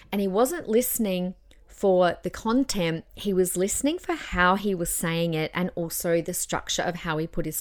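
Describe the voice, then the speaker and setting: A woman's voice: lowish voice, a little mellow. A woman hosting a solo podcast, chatty and encouraging, giving public speaking tips and acting out tones of voice. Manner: chatty and encouraging, demonstrates tones with her own voice. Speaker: podcast host.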